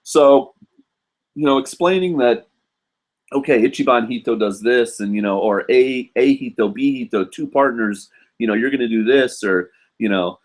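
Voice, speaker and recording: A university English teacher in Japan answers viewer questions on a casual live stream, speaking in a lowish voice. His talk is loose and chatty, peppered with "you know," and he animatedly acts out students and staff by raising his voice higher.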